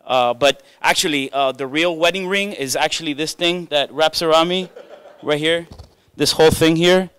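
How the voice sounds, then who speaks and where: Male stand-up, self-deprecating crowd work, smooth clear voice, dry close mic. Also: on the high side, normal speed, fairly bright tone, dry recording. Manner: chatty, self-mocking, riffs with the crowd. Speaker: stand-up comedian. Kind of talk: stand-up comedy set. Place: comedy club stage before a live audience.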